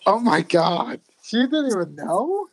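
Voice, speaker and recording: A reaction video host giving casual commentary, exclaiming and laughing with quick quips between scenes. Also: mid-range voice, big pitch swings, a little hiss or hum, rough recording.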